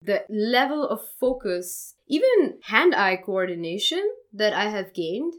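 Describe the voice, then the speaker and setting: A woman's voice: mid-range voice, big pitch swings, unhurried. A young adult woman chatting candidly as a podcast guest, swearing casually.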